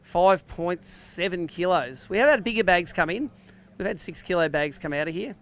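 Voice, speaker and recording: A man's voice: sits high, lively intonation, moderate pace, fairly bright tone. An Australian man emceeing a live fishing weigh-in outdoors by a lake, with jokey, upbeat banter. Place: outdoor lakeside weigh-in stage.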